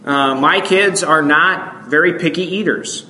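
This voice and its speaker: A man's voice: fairly high pitch, unhurried, reverberant, a little hiss or hum, low-quality recording. A man with a northern American accent preaching a sermon in a conversational way, often checking in with "right?". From northern United States. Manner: conversational, asks "right?" often, animated emphasis.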